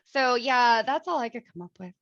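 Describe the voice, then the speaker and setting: A woman co-hosting a casual movie review chat, animated and laughing, swearing freely. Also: high voice, dry recording, highs cut off.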